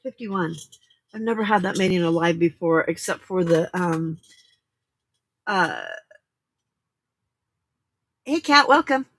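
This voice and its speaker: A woman's voice: on the low side, measured pace, pauses often, fairly bright tone, slight background noise. A woman hosting a late-night crafting livestream, chatting casually and giggling as she greets viewers by name, with a hint of a Southern drawl. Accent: Southern US drawl at times.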